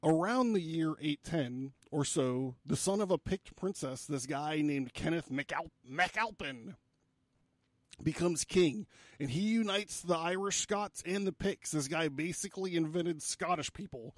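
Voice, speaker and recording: A man's voice: a little high, a little slow, no echo. Casual, profane man telling a story. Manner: casual and profane, with jokey asides. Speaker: podcast host.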